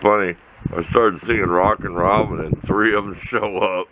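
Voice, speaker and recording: Out of breath, an older man chats casually to the camera outside his shop, folksy and rambling, now and then replying to himself. His deep voice holds fairly even intonation at a moderate pace against a noisy background.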